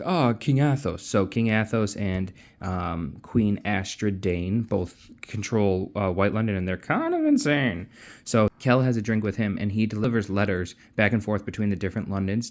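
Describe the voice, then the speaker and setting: A man's voice: lowish voice, darkish tone. A man casually recapping a novel's plot in a chatty, offhand way, acting out quotes. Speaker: book recapper.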